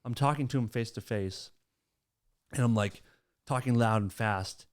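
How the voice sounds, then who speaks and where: A man's voice: mid-range voice, a little slow. A young adult man hosting a podcast, telling a casual story with plenty of laughter and acted-out quotes. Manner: animated, laughs mid-story, acts out quotes. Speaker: podcast host.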